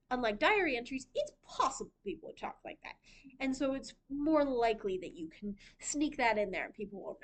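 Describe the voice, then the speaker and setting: A young woman leading a library writing workshop, chatty and giggly, with many fillers. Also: on the high side. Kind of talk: casual talk on writing. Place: library room.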